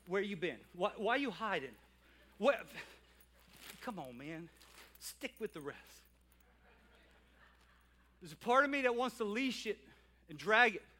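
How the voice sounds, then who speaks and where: A man preaching a sermon as pastor of his church, animated and moving between loud calls and quiet asides. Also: high-pitched, a little slow, pauses often. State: out of breath at times. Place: church sanctuary.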